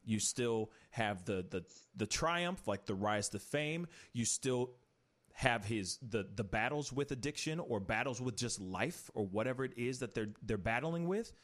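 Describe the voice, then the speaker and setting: An opinionated man hosting an online talk show, his pitch swinging widely as he rambles. He sits at a middle pitch and talks to his viewers in a loose, animated way. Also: unhurried. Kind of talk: casual commentary show.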